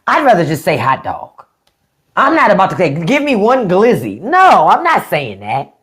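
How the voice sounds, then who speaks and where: A woman's voice: fairly low pitch, huge pitch swings, a bit bright. A middle-aged woman from the Washington DC area, chatting casually as a livestream host. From DMV area (Washington DC region). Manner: chatty, drawn-out word play, frequent laughs.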